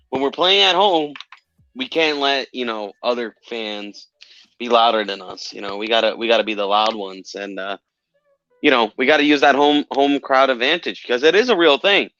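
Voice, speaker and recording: A man's voice: mid-range voice, normal speed, sharp tone, faint music behind. A man co-hosting a casual call-in show, talking in a chatty, rambling way with lots of fillers and restarts. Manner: chatty, repeats himself, many fillers. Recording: dull lo-fi sound.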